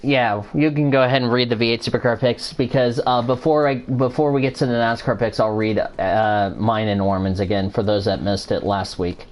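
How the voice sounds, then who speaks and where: A man hosts a loose, casual show while playing a game at the same time. He rambles through his explanations, restarts his sentences, and curses freely whenever the game annoys him. His voice sits at a middling pitch with a faint hiss of noise underneath. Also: fairly even intonation, moderate pace, few pauses. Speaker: show host. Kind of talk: casual chat while gaming.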